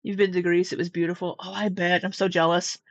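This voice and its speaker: A woman's voice: on the low side, flat delivery, fast talker, no echo, dull audio. A woman hosting casual commentary, chatty and gushing with rambling asides. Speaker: commentary host.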